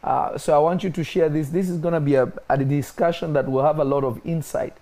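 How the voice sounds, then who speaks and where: A man's voice: steady tone, fairly quick, dark tone. A man preaching in a spiritual discussion, emphatic and repeating his key points. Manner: emphatic, repeats key phrases, rises in pitch when stressing points.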